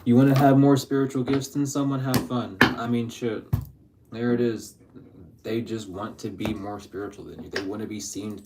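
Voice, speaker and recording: A man's voice: normal speed, heavy background noise. Chatty, profane man giving a tarot reading. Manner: chatty, slangy and profane, laughing often; drifts between loud excited bursts and low mutters. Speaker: tarot reader. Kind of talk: casual spiritual tarot reading.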